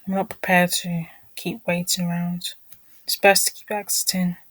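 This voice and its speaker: A woman's voice: on the low side, flat delivery, moderate pace, a bit bright, dry recording, low-quality recording. A woman vlogging casually, talking through her screen, apologizing often and muttering irritated asides under her breath.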